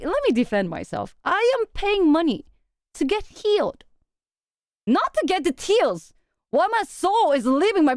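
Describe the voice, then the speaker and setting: Young woman streamer, bright high voice that swings up and down, dry close mic, chatty, profane and giggly. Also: no echo. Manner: animated, laughs often, swears for effect, slips into quick Japanese phrases. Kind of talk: casual chat with viewers.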